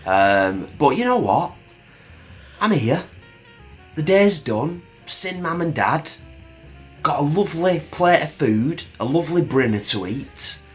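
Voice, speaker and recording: A man co-hosting a casual food vlog, dry and understated in his remarks. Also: a little high. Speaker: vlog co-host.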